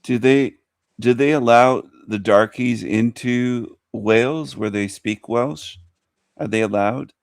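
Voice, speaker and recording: Male podcast host, unhurried and blunt, with a dry, close sound. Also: medium pitch, vocal fry, dry recording. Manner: blunt, provocative questioning. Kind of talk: casual chat.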